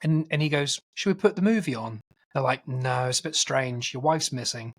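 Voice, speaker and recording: A man co-hosting a film podcast, casually retelling a film's plot in a rambling, animated way and acting out quotes. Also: medium pitch, normal speed. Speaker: podcast co-host.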